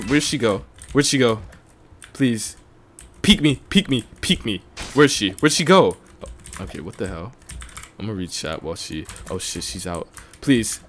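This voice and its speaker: A man streaming a video game and chatting with viewers, excitable and quick to yell, his voice a little strained from talking for so long. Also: lowish voice, a little hiss or hum. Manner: excitable, breaks into yelling and laughing bursts. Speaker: streamer host. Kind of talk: casual gaming livestream commentary.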